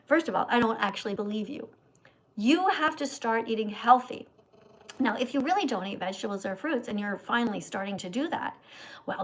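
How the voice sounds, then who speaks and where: A woman with a fairly high voice hosts a livestream and answers viewers' questions. She lectures in a preachy, scolding way, like a teacher talking down to a class. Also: rough recording. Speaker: vegan livestream host.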